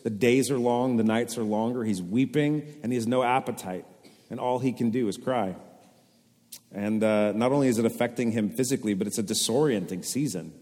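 A man's voice: medium pitch, fairly quick. Man preaching in a reverberant hall. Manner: conversational, expressive preaching. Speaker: pastor. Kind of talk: sermon. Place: church sanctuary. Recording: long reverb of a church hall.

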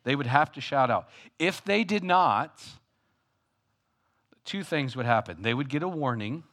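A male pastor delivering a sermon in an animated way. He rises into loud calls and drops into hushed, close asides. His voice sits in an ordinary middle pitch. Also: a little slow.

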